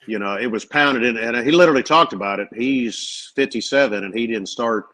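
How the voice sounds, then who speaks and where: A man's voice: mid-range voice, brisk, fairly bright tone, poor audio. A man, a Marine veteran co-hosting a podcast, talking earnestly and rambling with many fillers. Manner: earnest, rambling, acts out quoted leaders. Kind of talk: casual chat.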